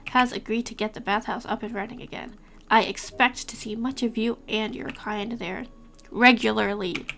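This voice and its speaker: A woman's voice: on the high side, steady tone, moderate pace, vocal fry, a bit bright. A woman voicing a stern, impatient male spirit lord in a video game who gives haughty commands.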